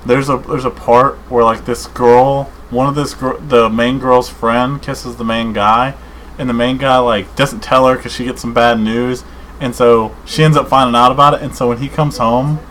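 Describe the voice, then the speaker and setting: A man co-hosting a podcast in casual chat, rambling and excited, saying dude and man a lot. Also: mid-range voice, moderate pace, a little hiss or hum, low-quality recording. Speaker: podcast co-host.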